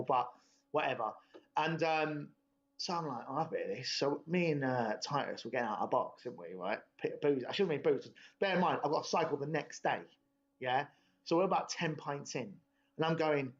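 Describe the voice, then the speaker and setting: A young man spins a long, rambling story to a mate. His voice sits a little high, and he swears casually. The podcast audio is dull and lo-fi. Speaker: podcast host.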